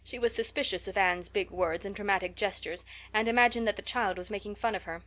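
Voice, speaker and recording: Brief: female audiobook narrator, clear and measured. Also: medium pitch, a bit bright. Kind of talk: scripted narration.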